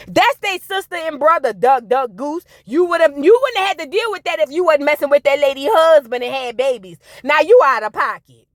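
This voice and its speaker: A woman's voice: sits high, lively intonation, fairly quick, no echo, clean studio sound. A woman giving a sassy, opinionated recap of a reality TV episode, talking straight to her viewers. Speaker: reality TV reviewer. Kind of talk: casual recap commentary.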